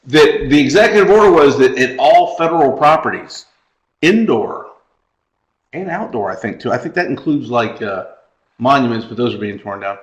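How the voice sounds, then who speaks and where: A man's voice: mid-range voice, lively intonation. Sarcastic male podcast co-host, echoey room. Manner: sarcastic, halting with fillers and restarts. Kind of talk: casual political chat.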